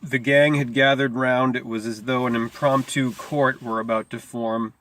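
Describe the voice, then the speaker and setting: Unhurried man reading a story aloud. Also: mid-range voice, fairly even intonation, fairly bright tone. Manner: unhurried, slowing on key phrases, small stumbles. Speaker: reader.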